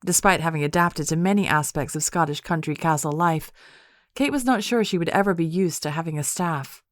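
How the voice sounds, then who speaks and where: A woman reading an audiobook in even, measured narration. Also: deep voice, no room sound.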